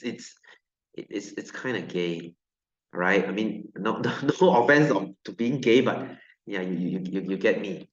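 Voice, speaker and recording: Speaking in Malaysian English with a mid-range, slightly bright voice, a male science teacher addresses his class. He jokes, says things more than once and peppers students with questions. The room is spacious and the audio is dull and lo-fi.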